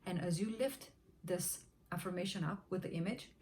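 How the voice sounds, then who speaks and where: A woman's voice: fairly low pitch, moderate pace, darkish tone. A woman giving a motivational talk on manifesting money, repeating affirmations in a rhythmic chant and sometimes dropping to a whisper. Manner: rhythmic repetition, drops to a whisper during affirmations. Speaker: manifestation teacher.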